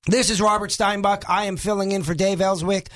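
A man's voice: high-pitched, steady tone, brisk, fairly bright tone. A man from New York filling in as a talk radio host in a studio, joking and self-mocking, with rambling asides.

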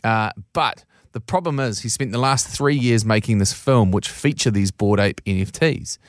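A man's voice: on the low side, moderate pace, no room sound, studio quality. A man co-hosting a podcast in casual chat, rambling and laughing as he explains. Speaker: podcast co-host.

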